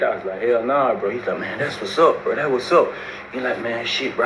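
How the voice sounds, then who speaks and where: A man with a medium-pitched voice speaks fairly quickly, casually telling a long story about prison life in slangy speech. He acts out the voices of the people he quotes, and the recording is roomy with faint background noise.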